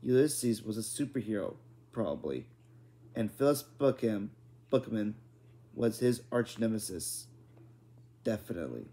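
A man reading a children's novel aloud at a steady, plain pace, with small restarts. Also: fairly low pitch, unhurried, pauses often. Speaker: reader.

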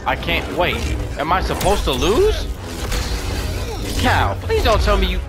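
A young man talks through his gameplay with a lively, expressive voice that sits slightly high. He reacts loudly and freely, moving between annoyance and delight. Game music plays clearly behind him. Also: a little slow, pauses often. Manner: excitable, swings between frustration and amazement. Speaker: gaming commentator. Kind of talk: live gameplay commentary.

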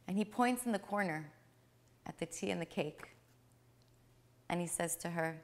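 A woman telling a spiritual story in a gentle, emphatic way, repeating phrases for effect. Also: on the low side, normal speed, pauses often.

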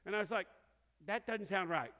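A middle-aged man preaching in a large church hall, where his voice carries a long echo. His voice sits high and sounds bright. He tells his story with humor and laughs often as he goes. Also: moderate pace. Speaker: pastor. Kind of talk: sermon. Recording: reverberant hall.

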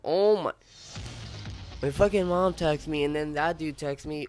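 A man's voice: on the high side, measured pace. Sick young man swearing through game commentary. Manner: swearing, animated outbursts at the game. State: sick, congested. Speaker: gaming YouTuber. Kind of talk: casual gameplay commentary. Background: faint background music.

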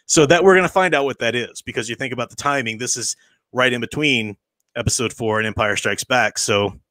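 A man's voice: mid-range voice, fairly quick, pushed and bright, no room sound. A man hosting a casual book study who reads passages aloud and chats about them, laughing often. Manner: chatty, laughs often, restarts and fillers.

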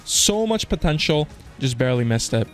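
A slightly high-voiced man commentating his own slot spins, his pitch leaping all over as he swings from muttering to shouting. He talks in loose slang, calling everyone dude and man, and swears freely. Faint game music plays under him. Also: normal speed. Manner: excitable, swears, bursts into yells on big hits; casual slang, keeps saying "dude" and "man". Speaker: online slots streamer. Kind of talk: live gambling commentary.

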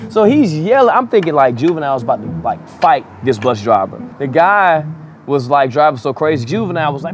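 A man's voice: on the high side, very animated, brisk, soft background music. A man working as a DJ tells a wild story in a casual, profane way, chuckling as he goes. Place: outdoors in a city.

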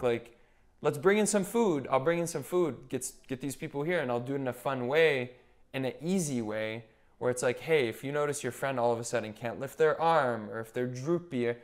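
A young man who works as a nurse anesthetist appears as a podcast guest, telling stories in a casual, animated way and acting out what other people said. His voice is medium in pitch and his pace is normal.

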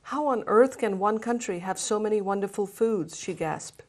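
A woman from India, a novelist, reading a passage of her fiction aloud with lively expression. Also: mid-range voice, normal speed. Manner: hesitant intro, then lively expressive reading.

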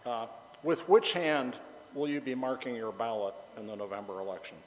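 A man's voice: medium pitch, brisk, long reverb tail, a little hiss or hum, low-quality recording. A male pastor preaching a conversational sermon, chatty and joking, bantering with the congregation.

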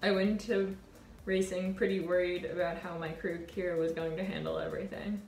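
A woman in her twenties, a college sailor, telling a reflective personal story in an earnest, warm way. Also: on the low side, steady tone, a little fast, gravelly, echoey room, faint music behind. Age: 20s. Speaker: college sailor and award winner.

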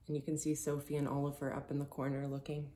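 A woman reading a picture book aloud to children, gently explaining as she goes and asking them questions. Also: deep voice, monotone, a little hiss or hum. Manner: gentle, slow storytelling, speaking directly to children.

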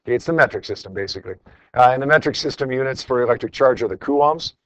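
A man's voice: medium pitch, lively intonation, very fast, a bit bright, no room sound, rough recording. A man teaching a classroom lesson, going over homework in a conversational way and calling on students by name.

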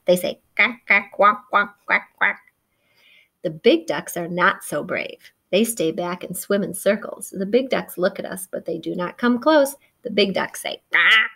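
A woman reading a picture book aloud to young children, gentle and encouraging, chatting about the pictures and imitating the story's sounds. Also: on the low side. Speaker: children's read-aloud presenter.

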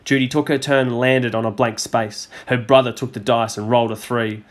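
A man teacher reading a storybook aloud to a class, measured and expressive. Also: mid-range voice.

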